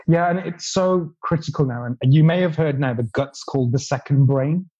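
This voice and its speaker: A man's voice: a little high, moderate pace, warm tone, breathy edge, lo-fi sound. Chatty man explaining gut health. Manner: enthusiastic, explanatory, laughs easily. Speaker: guest chef and gut health expert. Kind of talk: casual podcast chat.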